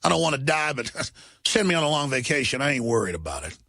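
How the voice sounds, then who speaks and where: Gravelly ranting radio host man. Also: medium pitch, big pitch swings, fast, sharp tone, dry recording, studio quality. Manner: ranting, mocking, shifts into sneering put-on voices. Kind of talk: combative talk radio monologue.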